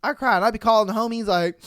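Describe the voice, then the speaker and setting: Young male podcast host, casual and profane, animated, dry close mic. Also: high-pitched, no room sound. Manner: animated, profane, laughs a lot. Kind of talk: casual live-stream chat.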